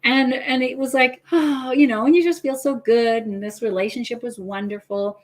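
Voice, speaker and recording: A woman's voice: a little high, fairly even intonation, normal speed. A middle-aged woman, a guest family coach, talking in a casual talk-show chat and telling a personal story earnestly and with feeling.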